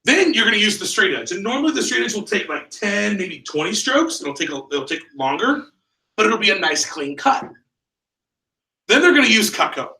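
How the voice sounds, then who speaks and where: In an echoey training room, picked up by a distant mic, a man gives an energetic sales seminar and questions his trainees. His high-sitting voice is sing-song, bright and forceful, at a moderate pace.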